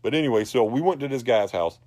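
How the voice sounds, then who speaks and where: A man, animated and rambling as he tells a personal story to a group. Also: medium pitch, quick pace, no room sound. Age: 40s. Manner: rambling, animated, laughs through his lines.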